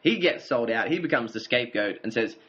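A man's voice: mid-range voice, lively intonation, brisk, a bit bright. A man co-hosting a casual TV review chat, recapping the plot and chuckling now and then. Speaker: podcast co-host. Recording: dull lo-fi audio.

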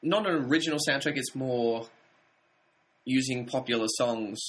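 A man co-hosting a film review podcast, thoughtful and measured, pausing now and then to find his words. His voice is bright and crisp, at a middle pitch. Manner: thoughtful, measured, slightly hesitant. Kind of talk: casual film review chat.

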